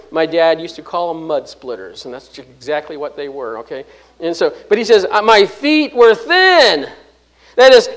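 A man preaching a verse-by-verse sermon, stressing phrases loudly, then dropping low and soft, often restarting words. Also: rough recording. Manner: emphatic with frequent restarts and repeated words; swings between loud stresses and low soft drops. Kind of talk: expository sermon.

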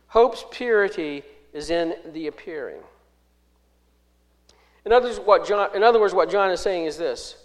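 A man preaching a sermon, reading scripture aloud and explaining it, with big swings in loudness and slowing down on key phrases. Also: a little high, expressive.

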